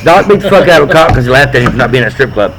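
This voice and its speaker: A man's voice: mid-range voice, sing-song, noisy background. A man telling crude stories in rowdy casual chat as a podcast co-host. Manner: crude, rowdy, quick storytelling.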